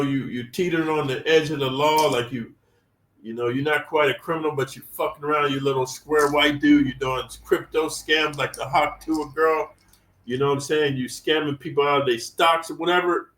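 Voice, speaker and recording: Cussing guy ranting about prison life, kinda high voice, roomy echo, sitting back from the mic. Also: distant mic. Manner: profane, emphatic street talk. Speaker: channel host sharing prison experience. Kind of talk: storytelling rant.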